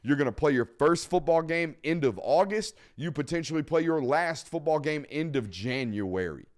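A man's voice: on the high side, lively intonation, normal speed. A man hosting a live sports talk show, emphatic and blunt, repeating points for stress. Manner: blunt, casual swearing. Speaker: podcast host.

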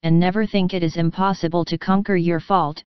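A woman voicing a gentle, wise middle-aged mother who speaks calmly and tenderly in a storybook reading. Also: fairly low pitch, fairly quick, clean tone, dry recording, dull audio, close to an everyday voice. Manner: calm, tender, reassuring.

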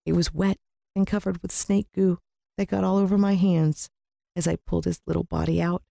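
A narrator reading a children's adventure story aloud in an expressive way, with the pitch leaping up in the dialogue. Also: moderate pace, gravelly, dry recording, studio quality.

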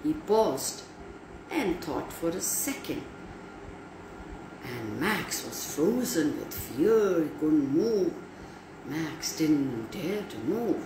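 A woman storyteller reads a children's tale slowly and chats to her young listeners. She asks them questions in a teacherly way. Her voice carries a roomy echo with faint room noise. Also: sits low, big pitch swings. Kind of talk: reading a storybook aloud and chatting to children.

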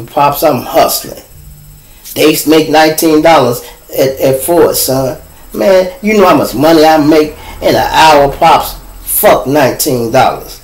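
A man's voice: medium pitch, roomy sound, rough recording. A middle-aged man from Chicago with a Chicago accent, ranting bluntly and profanely to his viewers as host of a casual live stream.

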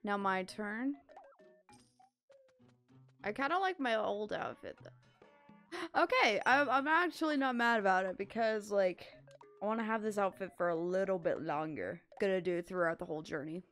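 This woman hosts a gaming channel, narrating as she plays and voicing the characters' lines playfully between frequent bursts of laughter. She speaks at medium pitch and a moderate pace, with lively intonation, a fairly bright tone, and long pauses, over faint game music.

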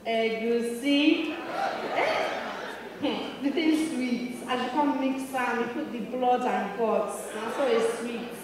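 A woman's voice: on the high side, slow. A woman doing a chatty stand-up comedy set, teasing the crowd with lots of interjections, on a theatre stage through a hall PA. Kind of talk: stand-up set in Nigerian Pidgin. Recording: echoey theatre hall from a distance.

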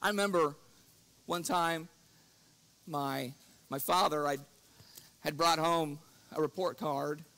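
A man's voice: steady tone, slow, gravelly, long pauses, sharp tone. A man preaching an evening church lesson, earnest, reading scripture with rising force and chuckling through personal stories. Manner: earnest, rises in pitch and force when quoting scripture; breaks into chuckles while telling stories.

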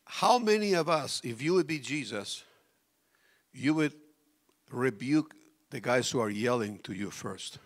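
A man preaching a sermon as a pastor, swinging between loud outbursts and soft near-whispers and questioning his congregation directly. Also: mid-range voice, animated, a little slow, pauses often.

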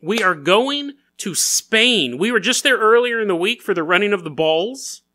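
A podcast host with a high, pushed, bright voice tells stories animatedly at normal speed. It's casual comedic storytelling, full of jokes, frequent laughter, and silly acted-out voices.

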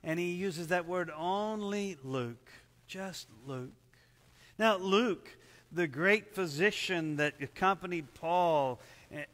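Earnest preacher man with echoing reverb. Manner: earnest, measured, drops to soft low tones for emphasis. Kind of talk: sermon. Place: church service at a camp.

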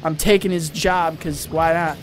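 A young man giving excitable let's-play commentary, rambling fast and yelling at his teammates. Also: fairly high pitch, soft background music. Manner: hyper, rambling, yells at teammates. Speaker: gaming channel host.

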